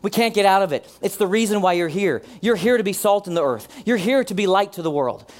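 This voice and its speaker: A male pastor delivers a sermon in an earnest preaching voice that sits a little higher than most men's. He leans into key phrases by slowing down and letting his voice fall quiet, then calls on the congregation to repeat lines back to him. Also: expressive. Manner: earnest preaching, slows and drops his voice for emphasis; leads the congregation in call-and-response.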